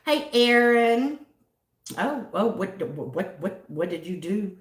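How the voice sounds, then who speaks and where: A woman's voice: mid-range voice, sing-song, slow pace, reverberant. A Southern American woman hosting a livestream, chatting casually and giggling as she greets viewers by name. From southern United States. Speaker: livestream host.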